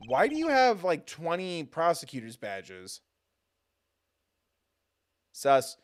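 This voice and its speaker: A man streaming a game live, cracking jokey, excitable asides between reading lines. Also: a little high, takes it slowly, pauses often, clear, resonant tone. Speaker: gaming streamer.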